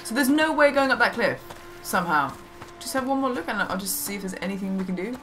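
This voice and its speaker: Bright-voiced woman co-host, playful. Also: mid-range voice, lively intonation, fast talker, soft background music. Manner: playful, teasing, greets chat and gives tips. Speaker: co-host helping a streamer. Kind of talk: casual live-stream chat.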